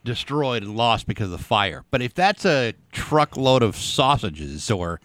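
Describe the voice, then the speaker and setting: A man's voice: medium pitch, sing-song, measured pace, fairly bright tone, no room sound. Wry male radio co-host. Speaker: radio morning show co-host. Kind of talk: casual radio banter. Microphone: studio microphone.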